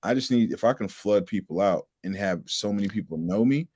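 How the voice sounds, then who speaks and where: A man with a fairly low voice, a guest on a casual podcast. He tells animated stories and acts out what people said. The mic is close and the sound dry. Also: a little fast, husky, no room sound. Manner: animated storyteller acting out quotes. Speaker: guest, car salesman. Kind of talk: casual interview chat.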